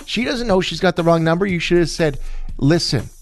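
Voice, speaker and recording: A man co-hosting a morning radio show, teasing and joking with low murmured reactions. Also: lively intonation, a little fast, soft background music. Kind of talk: casual on-air banter. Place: radio studio.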